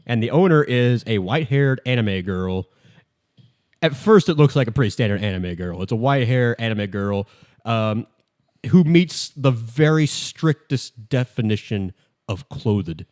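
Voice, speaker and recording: A man's voice: mid-range voice, lively intonation, unhurried, darkish tone. A man with a mid-range voice talks through a game's story for his podcast. He rambles, cracks jokes and fills gaps with plenty of "uh" and "like". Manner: rambling, jokey, many fillers. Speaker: podcast host. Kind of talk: casual game recap.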